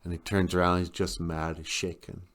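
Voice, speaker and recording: A man's voice: low voice, flat delivery, normal speed, a bit bright. A man hosting a podcast, casually retelling a story in a rambling, chuckling way. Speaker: podcast host.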